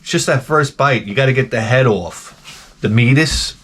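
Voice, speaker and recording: A man's voice: medium pitch, normal speed, fairly bright tone, slight background noise. A man telling comic stories to camera in a rambling, exasperated, profane rant full of restarts. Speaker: vlogger. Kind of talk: comedic storytelling rant.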